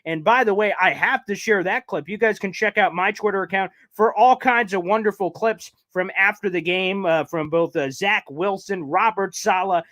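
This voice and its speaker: Fired-up taunting sports fan host. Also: male voice, normal speed, few pauses, fairly bright tone, no room sound. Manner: fired-up, taunting rants with big pitch jumps. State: a little out of breath. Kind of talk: live fan recap show.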